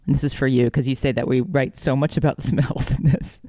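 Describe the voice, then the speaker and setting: A woman's voice: very deep voice, steady tone, a little fast, mellow, dry recording, clean studio sound. Giggly woman reading her draft. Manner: giggly, reads in first person. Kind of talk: reading aloud and casual chat. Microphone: video call.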